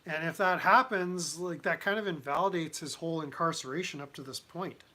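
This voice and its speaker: Bright-voiced male livestream host, halting. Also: fairly high pitch. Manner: halting, many restarts and fillers. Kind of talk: casual commentary livestream.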